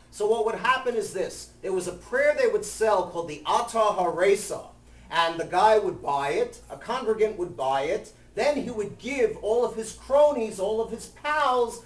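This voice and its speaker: A man telling a story to a live group in a casual, jokey way, acting out voices. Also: sits high. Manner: lively, jokey, acts out voices and shouts. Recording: echoey room, mic at a distance.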